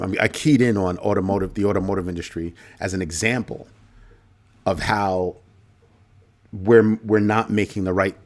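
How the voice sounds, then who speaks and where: A man with a somewhat low voice hosts a livestream commentary. He talks emphatically, hammering his points by repeating key phrases. He breaks off now and then to answer viewer comments. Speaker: show host.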